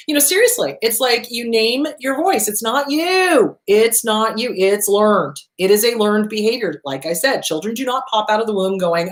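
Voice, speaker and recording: Speaking to camera at a normal pace, a woman therapist and show host offers advice in a slightly high voice with big swings in pitch. Her delivery is blunt and full of profanity, and she drives points home by repeating them emphatically.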